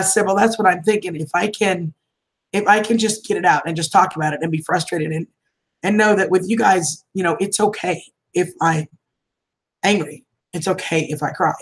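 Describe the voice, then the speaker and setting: Husky woman in her fifties. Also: lowish voice, rough recording. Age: 50s. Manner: warm and affectionate with viewers, laughs often, calls them honey and sweetheart. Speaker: livestream vlogger. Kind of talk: casual livestream chat reading viewer comments.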